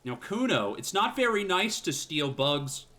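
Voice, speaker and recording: A man plays through a video game on stream, joking and swearing as he comments. His pitch moves in a lively, animated way. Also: unhurried.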